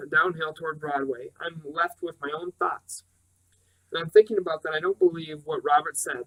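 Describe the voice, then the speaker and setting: A man narrating an audiobook in a measured, steady reading voice. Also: on the high side, poor audio.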